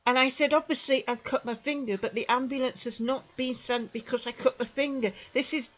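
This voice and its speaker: A British woman in her sixties, telling her own story to the camera in an emphatic, indignant way, repeating phrases and dropping into quiet asides. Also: high-pitched, steady tone, fairly quick, rough recording. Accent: British English. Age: 60s. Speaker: vlogger recounting an experience. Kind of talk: indignant personal account to camera.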